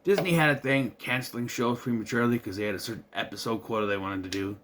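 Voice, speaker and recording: A man's voice: mid-range voice, fast talker, fairly bright tone, a little hiss or hum. A man from southern Minnesota giving a casual, rambling review of a movie, full of restarts and the occasional curse. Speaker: video reviewer.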